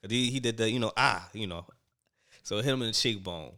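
A man casually recapping events, animated and quoting people as he goes. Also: on the low side, quick pace, smooth. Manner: animated storyteller, quotes people in raised voices. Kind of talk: casual chat recapping a reality show.

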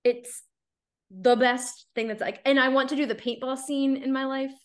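A woman's voice: sits high, fairly even intonation, normal speed. Chatty woman podcast host. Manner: chatty, candid, heavy use of "like". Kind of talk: casual podcast chat.

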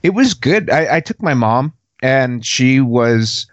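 A man's voice: medium pitch, lively intonation, takes it slowly, dry recording, lo-fi sound. A man co-hosting a casual podcast, telling a story in a rambling way and laughing often. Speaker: podcast co-host.

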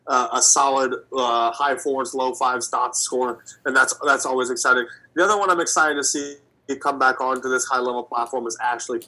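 Bright-voiced man in his twenties. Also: medium pitch, poor audio. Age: 20s. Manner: enthusiastic, rambling with fillers. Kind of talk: casual sports chat.

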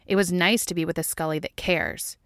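A woman's voice: lowish voice, steady tone, a little fast, clean tone, no room sound, clean studio sound, lightly acted. Woman reading a cocky male agent. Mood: smug. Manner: arrogant, defiant.

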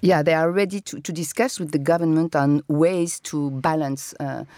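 A woman's voice: sits low, steady tone, moderate pace, mellow, dry recording. Hesitant woman on a dry studio mic. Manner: hesitant, many fillers and restarts. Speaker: guest journalist. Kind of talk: panel discussion. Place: radio studio.

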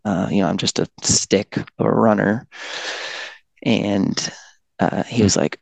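A man's voice: on the low side, fairly even intonation, a little slow, gravelly, a little mellow, no room sound. A young man guest casually telling his own story, laid-back and self-deprecating with many fillers. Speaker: podcast guest.

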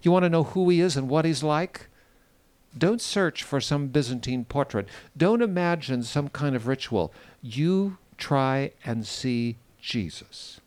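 A man's voice: mid-range voice, animated, a little mellow. Earnest man preaching from a boat. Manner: earnest, measured storytelling with reflective pauses. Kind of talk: devotional sermon on location. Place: outdoors on a boat on a lake.

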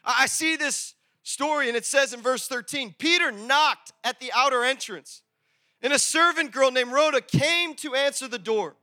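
A man preaching a sermon at a church service as pastor, energetic and emphatic, repeating phrases and acting out little dialogues. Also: very high-pitched, normal speed, no echo, studio quality, soft background music.

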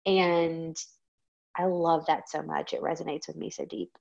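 A woman's voice: sits low, fairly even intonation, unhurried, creaky, darkish tone, highs cut off. A woman hosting her own podcast, talking candidly and reflectively with frequent ums. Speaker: podcast host. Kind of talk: casual solo podcast talk.

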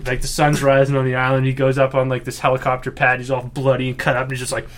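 Animated man retelling a movie. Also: mid-range voice, quick pace. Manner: animated storyteller acting out movie scenes. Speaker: podcast co-host. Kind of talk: casual chat.

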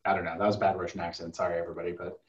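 A man's voice: sits low, little pitch movement, rapid-fire, reverberant, lo-fi sound. A man co-hosting a casual film review podcast, chatty and mocking film lines by acting them out.

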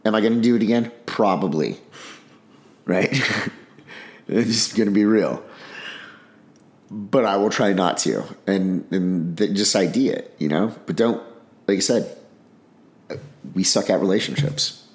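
Blunt veteran guest, low voice, plainspoken storyteller, roomy echo. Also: male voice, measured pace, pauses often. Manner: blunt, frank, swears, tells stories with acted-out dialogue. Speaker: podcast guest, army special operations veteran. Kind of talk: casual interview talk.

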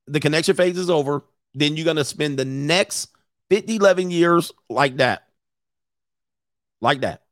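A man's voice: on the high side, fairly bright tone, dry recording, studio quality. A middle-aged man, a dating coach, doing slangy, joking live reaction commentary with laughing asides.

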